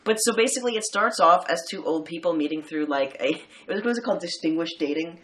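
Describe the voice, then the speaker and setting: A man talks through a film with a friend in a loose, animated way, laughing and swearing as he goes. His voice sits a little on the high side. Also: fast. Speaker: co-host. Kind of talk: casual film review chat.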